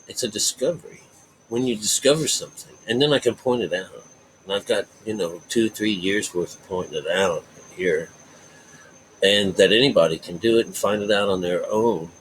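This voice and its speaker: In a rough recording with a little hiss or hum, a self-taught Bible teacher speaks in a fairly low voice. He rambles, circling back to repeat his points and leaning hard on key words.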